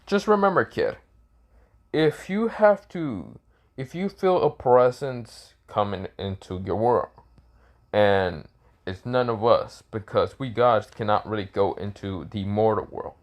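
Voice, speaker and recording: A man's voice: on the low side, expressive, unhurried. A man voicing a chorus of mighty male gods who speak grandly and carelessly to a child in a fan-made story. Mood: amused.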